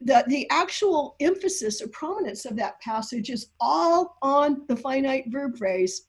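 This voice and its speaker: A woman's voice: high-pitched, lively intonation, measured pace. A woman guest scholar giving an emphatic, lecturing explanation, often laughing and using technical terms. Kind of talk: animated explanatory talk.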